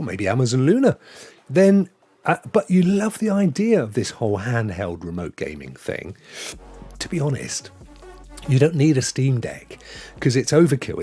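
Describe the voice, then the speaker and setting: Excitable British man hosting a live stream. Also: mid-range voice, slightly rough. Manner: excitable, chatty, reads viewer comments aloud. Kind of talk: casual live-stream chat. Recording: faint background music.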